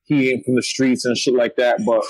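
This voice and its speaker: A man's voice: mid-range voice, little pitch movement, brisk, no room sound, rough recording. A young man with a Toronto accent, a battle rapper talking bluntly and streetwise in a casual interview. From Canada. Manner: streetwise, blunt, frequent slang and "you know what I mean".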